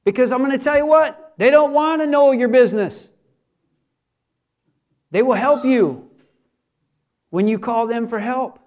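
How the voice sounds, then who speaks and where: A man who is a pastor, preaching a sermon earnestly and repeating words for emphasis. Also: very high voice.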